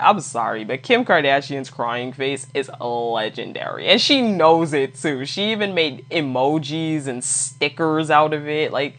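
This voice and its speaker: Very low-voiced blunt woman podcaster. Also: measured pace, hardly any pauses. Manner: blunt, profane, laughs often, animated asides. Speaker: podcast host. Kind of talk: casual solo podcast chat.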